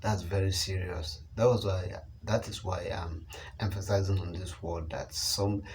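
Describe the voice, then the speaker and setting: A man with a low voice gives commentary on a news story in an unhurried way. He leans hard on his points and repeats phrases to stress them. A faint hum of noise sits under the voice. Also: steady tone, poor audio. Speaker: online channel commentator.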